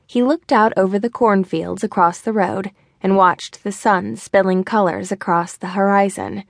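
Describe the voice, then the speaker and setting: A woman narrating a mystery novel with an even storytelling delivery. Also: medium pitch, moderate pace, vocal fry, dry recording, studio quality. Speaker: audiobook narrator. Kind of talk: scripted narration.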